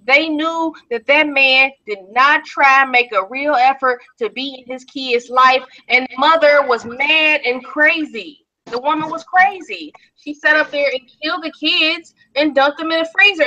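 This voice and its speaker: A woman's voice: high voice, moderate pace, hardly any pauses, bright, forceful tone. A woman hosting a casual discussion, blunt and outspoken in an indignant tone. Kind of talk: casual chat. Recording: dull lo-fi sound.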